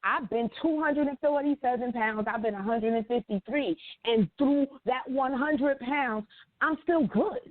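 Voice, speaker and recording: A woman co-hosting a casual talk show, blunt and animated and swearing freely. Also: high voice, a little slow, no room sound. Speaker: co-host. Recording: dry tinny phone-like sound.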